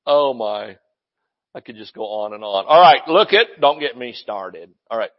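A man preaching a sermon as pastor, fiery and loud, breaking into shouts and joking with the congregation. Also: medium pitch, animated, moderate pace, dull audio.

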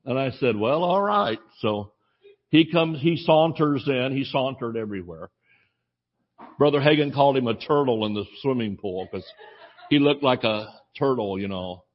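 A man's voice: mid-range voice, normal speed, muffled recording. A male preacher telling a rambling anecdote in a sermon, acting out the voices of the people he quotes. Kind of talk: sermon storytelling.

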